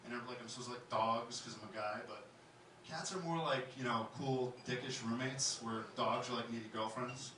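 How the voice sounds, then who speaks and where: A man doing a stand-up comedy set in a club, animated, jumping into high excited voices for the characters in his bits. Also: moderate pace. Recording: echoey club, mic from far off, crowd noise. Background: audience laughter.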